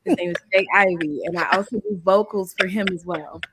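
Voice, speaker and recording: Relaxed woman guest from Chicago. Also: on the low side, a little fast, background noise. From South Side of Chicago. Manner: friendly, relaxed, light laughs, many ums. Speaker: guest singer-songwriter. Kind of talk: casual interview.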